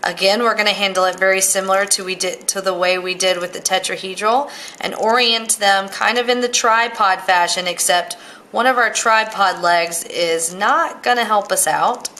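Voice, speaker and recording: A woman teaches chemistry with a bright, tense edge to her voice. She works through each step of a model in order and keeps checking in with "all right" as she goes. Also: mid-range voice, fairly even intonation, moderate pace. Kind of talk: explaining with a model.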